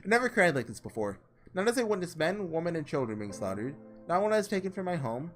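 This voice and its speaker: A man voicing a sorrowful young woman who was once a saint, read slowly and heavily. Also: on the high side, sing-song, a bit bright, soft background music. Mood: grieving. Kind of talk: reading visual novel lines aloud.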